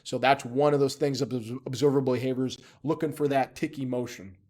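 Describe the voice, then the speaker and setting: A man's voice: medium pitch, steady tone, brisk, a little mellow. A man giving a casual spoken lesson, emphatic and chatty, often checking in with "okay?" and dropping joking asides. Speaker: instructor.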